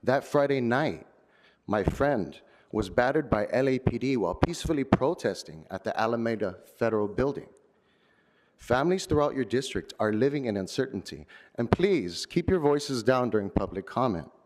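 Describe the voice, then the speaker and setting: A man's voice: mid-range voice, expressive, moderate pace, darkish tone. A man giving an earnest, prepared public comment at a city council podium microphone. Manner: solemn, earnest, declamatory.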